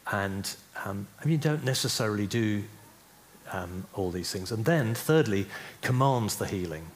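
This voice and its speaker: Guy teaching a church class on healing prayer, kinda low voice, chatty, lots of "yeah?", faint hum behind. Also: lively intonation, unhurried. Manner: conversational, checks in with "yeah?". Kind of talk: teaching talk to a church group.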